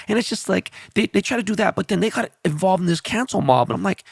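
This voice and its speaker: A man hosting a podcast in casual chat, blunt and profane, teasing his guest with quick-fire questions. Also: high voice, expressive, vocal fry, no echo, clean studio sound. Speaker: podcast host.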